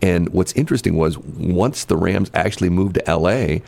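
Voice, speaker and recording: A man's voice: low-pitched, expressive, normal speed, vocal fry, a little mellow, no room sound. A man hosting a morning radio show, telling rambling stories with jokey asides in casual chat. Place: radio studio. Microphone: studio microphone.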